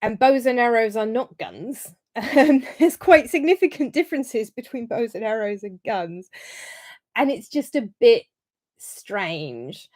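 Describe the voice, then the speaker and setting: A woman's voice: a little high, lively intonation, a little slow, a little mellow. A woman hosting a casual livestream review, talking in a chatty, rambling way with frequent ums and restarts. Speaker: historian livestream host.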